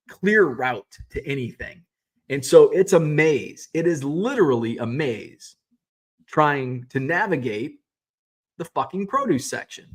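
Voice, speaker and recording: A man hosting a vlog, talking casually from his car, rambling and swearing freely as he complains. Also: mid-range voice. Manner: rambling, profane, exasperated ranting. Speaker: vlog host.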